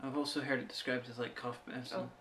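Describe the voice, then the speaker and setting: A woman's voice: extremely low pitch, flat delivery, fast talker, a bit bright, slight background noise. A woman co-hosting a casual chat, rambling through stories and jokingly bragging. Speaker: co-host.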